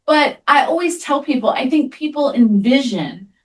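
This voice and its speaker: Animated woman clinician telling stories. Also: sits high, normal speed. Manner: animated storyteller, frequent "right?" tag questions. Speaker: therapist and webinar presenter. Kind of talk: conversational webinar talk.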